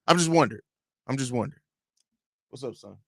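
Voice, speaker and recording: Animated, opinionated man streaming from home. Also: medium pitch, no room sound, studio quality. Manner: opinionated and rambling, with quick restarts. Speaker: host of a basketball fan podcast. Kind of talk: casual live-stream sports talk.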